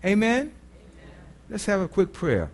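A pastor preaching a sermon in a blunt, conversational way, often putting rhetorical questions to the congregation. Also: male voice, sits high, wildly swooping pitch, measured pace. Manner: blunt, earthy phrasing.

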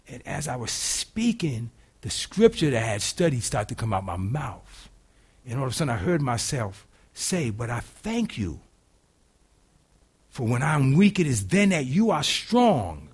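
A middle-aged male pastor delivers a sermon in a slightly husky voice of ordinary pitch. His delivery is folksy and casual, rising to loud, emphatic preaching and dropping to hushed, quiet storytelling. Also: sing-song, unhurried.

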